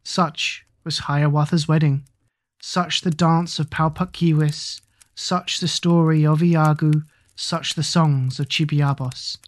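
An audiobook narrator reading epic verse in an even, rhythmic chanting cadence. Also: medium pitch, slow pace, no echo.

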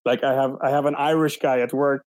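Halting man with dry sound. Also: medium pitch, steady tone, darkish tone, no echo, low-quality recording. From Sweden. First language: Swedish. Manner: halting, thoughtful, frequent restarts. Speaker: guest. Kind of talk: casual interview.

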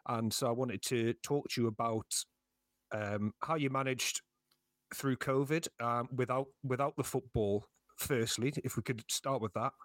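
A man hosts a casual football podcast in a relaxed, friendly way. His pitch sits in the middle, and the sound is close and dry with no room echo. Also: measured pace. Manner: relaxed, with frequent ums. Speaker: podcast host.

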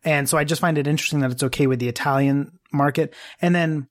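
A podcast host in casual discussion who muses aloud and asks long, winding questions. The voice has a middle pitch and an everyday, conversational delivery. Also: fairly even intonation, quick pace. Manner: musing, questioning, long-winded.

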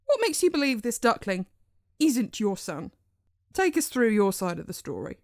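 A woman playing a loud, brash male talk-show host in a comedy sketch. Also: sing-song, moderate pace, no echo, studio quality. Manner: booming, brash.

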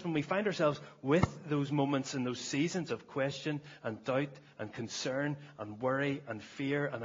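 Man, preacher, sermon, earnest, husky voice, middle pitch, muffled recording. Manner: earnest, repeats words when starting phrases. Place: church service.

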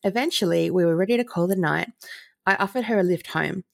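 A woman with a lowish, gravelly voice reads stories aloud on a podcast, amused and chatty. The sound is dry and close. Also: brisk, no echo. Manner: amused, chatty, laughs often. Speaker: podcast co-host reading listener stories. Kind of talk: casual chat, reading stories aloud.

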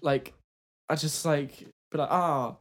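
Giggly rambling low-voiced woman. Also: expressive, normal speed. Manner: giggly, rambling, full of "like" and restarts. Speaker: podcast guest. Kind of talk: casual chat.

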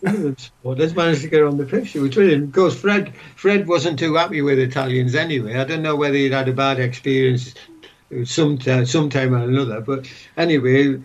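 A man's voice: mid-range voice, fairly quick, highs cut off. An older man, a former footballer, talks as a guest and retells old stories in a rambling way, with many restarts. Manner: rambling, many restarts and "what have you". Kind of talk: casual interview reminiscing.

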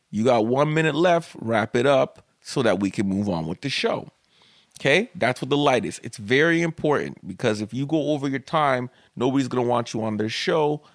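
A man telling a story in a loose, casual way, cursing freely and jumping up in pitch when he acts out a heated argument. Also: no room sound, studio quality. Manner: animated, swearing, rises in pitch when quoting. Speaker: comedian and podcast host.

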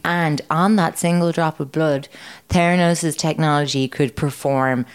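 A woman with a very low voice co-hosts a podcast. She talks casually, laughs a lot and swears freely. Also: steady tone, measured pace, clear, resonant tone. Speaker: podcast co-host. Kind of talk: casual chat.

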